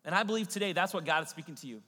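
A male pastor preaching a sermon, swinging between booming Bible reading and hushed, intimate passages. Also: very fast. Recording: long hall reverb.

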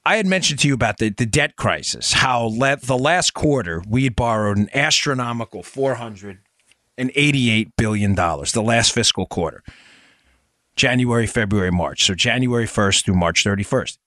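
Expressive and moderately paced, this man's pushed, bright voice comes through a dry, clean studio recording. Hosting a political podcast, he addresses listeners directly as folks, with emphatic delivery, sarcastic asides, and a rising pitch as he heats up.

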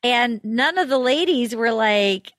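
A woman hosting a casual chat, telling stories in a gushing, animated way. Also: fairly high pitch, unhurried, no room sound, clean studio sound. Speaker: podcast host.

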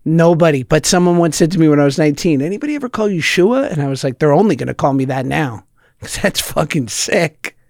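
A man as a podcast guest in casual chat, self-deprecating and quick to laugh. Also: a little high, animated, a little mellow, no room sound, studio quality.

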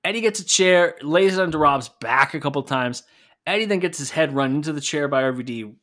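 A man's voice: on the high side, animated, a little fast, fairly bright tone. Wry, swearing man on a podcast. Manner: wry, swears freely, playful. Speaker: podcast co-host. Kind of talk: casual recap chat.

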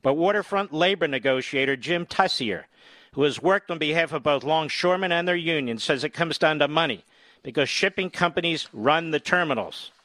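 A middle-aged man hosting a talk radio show, reading articles aloud with sarcastic commentary and squeaky mocking impressions. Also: lively intonation, normal speed, pushed and bright, dry recording. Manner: mocks people with high, squeaky put-on voices.

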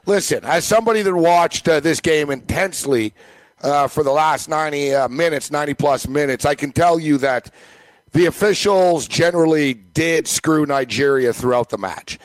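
A man's voice: on the high side, normal speed, no room sound, rough recording. A man co-hosting a casual sports talk show, ranting emphatically and rambling with lots of fillers.

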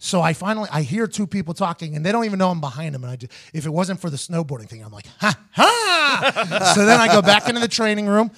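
A man hosting a podcast, telling a story in an animated, profane way and acting out both sides of each conversation. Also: high voice, racing, few pauses. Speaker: podcast host. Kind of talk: casual storytelling chat.

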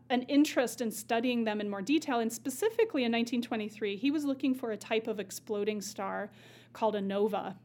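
A woman astronomer explains things in an easy, conversational way. Her voice sits a little high. She is enthusiastic and patient, with plenty of ums along the way. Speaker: astronomer guide.

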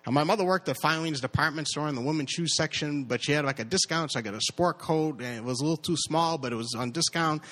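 Male live storyteller, slightly high pitch, stammering, nervy energy. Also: fast, few pauses. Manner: stammering, repeats words, animated impressions.

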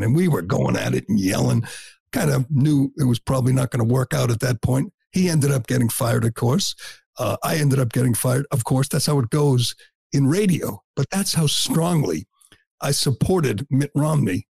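A man's voice: mid-range voice, animated, moderate pace, creaky, darkish tone, husky, no echo, clean studio sound. A middle-aged man hosting a talk show, delivering a blunt, combative and scornful opinion monologue.

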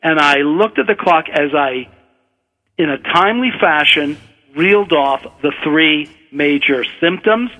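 An older man from Brooklyn, a physician and author, telling a relaxed, wry anecdote. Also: on the high side, measured pace. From Brooklyn, USA. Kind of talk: anecdotal storytelling. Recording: dull radio broadcast, long reverb.

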